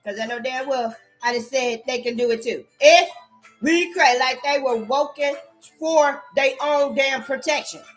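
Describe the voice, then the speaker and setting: A woman in a rambling, profane rant, repeating curses and jumping between loud outbursts and low mutters. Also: normal speed, soft background music. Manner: erratic, repetitive, swearing constantly, swinging between shouts and mutters. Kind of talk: profane stream-of-consciousness rant.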